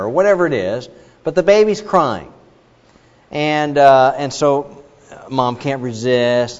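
A middle-aged man preaching a sermon as a pastor, earnest, telling stories with frequent fillers. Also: mid-range voice. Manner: earnest, with many fillers and illustrations. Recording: dull reverberant hall recording.

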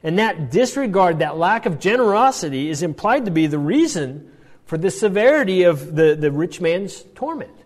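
A man's voice: high-pitched, very animated, normal speed, darkish tone, big-room sound. A man teaching a Bible passage, explaining step by step and checking in often with "all right" and "right?".

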